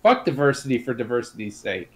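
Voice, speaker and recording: A man's voice: mid-range voice, big pitch swings, fast. A man in casual podcast chat, talking bluntly with heavy swearing and ranting.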